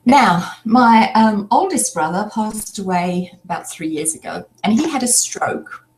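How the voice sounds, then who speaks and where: An older woman telling a personal story in a slow, reflective way, pausing often as she speaks. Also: mid-range voice, lively intonation. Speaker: spiritual speaker.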